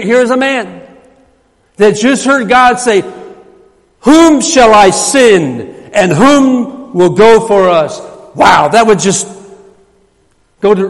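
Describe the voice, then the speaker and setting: A man preaching a sermon in a church, emphatic and repetitive, his voice rising when he quotes scripture. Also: high-pitched. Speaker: pastor. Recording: hall reverb.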